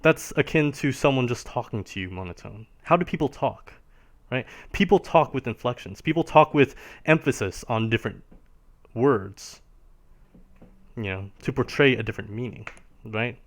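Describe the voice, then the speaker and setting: A man's voice: mid-range voice, expressive, normal speed. A man teaching piano on a live stream, explaining ideas patiently and checking in with a constant questioning "right?" as he goes. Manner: explains patiently, ends nearly every phrase with a questioning "right?". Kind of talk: live-streamed music lesson.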